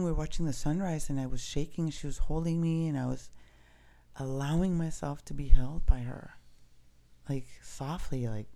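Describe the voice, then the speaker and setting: A man speaking in a soft, earnest, spiritual way in a reflective personal monologue, casually swearing now and then. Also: a little high, gravelly.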